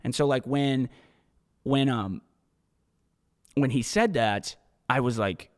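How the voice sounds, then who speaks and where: Man, podcast host, solo monologue, casual and profane, animated storytelling, mid pitch, long reverb. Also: takes it slowly, long pauses.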